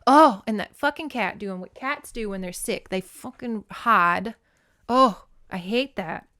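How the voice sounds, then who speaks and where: A woman hosting a podcast, reading a children's novel aloud and commenting in a casual, expressive way with swearing. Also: medium pitch, moderate pace, no echo, studio quality. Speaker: podcast host.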